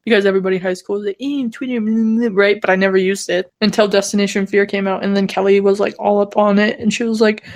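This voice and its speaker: A woman's voice: medium pitch, monotone, a little mellow. A woman in her twenties co-hosting a podcast, chatty and sweary in casual conversation. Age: 20s. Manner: chatty, swears often, quick to laugh along. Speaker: podcast co-host. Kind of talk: casual chat.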